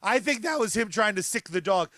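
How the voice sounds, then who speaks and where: A man hosting a podcast in casual chat, riffing excitably with plenty of swearing. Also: high voice, brisk, no echo. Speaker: podcast host.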